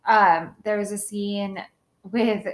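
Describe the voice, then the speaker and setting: Young woman, podcast co-host, casual chat, animated, swears, lots of filler "like". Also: mid-range voice, slow.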